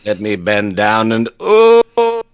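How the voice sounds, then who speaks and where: Man putting on a velvety old horror-movie gentleman, unhurried and theatrical, dry close mic. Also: on the low side, wildly swooping pitch, smooth, no echo, exaggerated voice. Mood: suave. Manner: slow, drawn-out, theatrical delivery. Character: suave older male horror-film host, theatrical.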